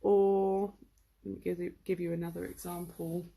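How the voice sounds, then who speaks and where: A woman's voice: fairly low pitch, moderate pace, vocal fry, husky. A woman giving a casual, chatty lesson, with lots of fillers. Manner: chatty, relaxed, full of fillers. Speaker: English teacher. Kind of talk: casual live-streamed lesson.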